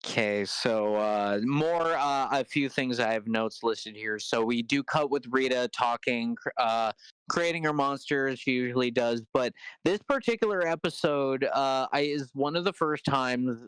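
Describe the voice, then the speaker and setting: A man's voice: medium pitch, unhurried, a bit bright, clear, resonant tone, no room sound, rough recording. A man co-hosting a casual podcast, leading the episode recap with many fillers and restarts.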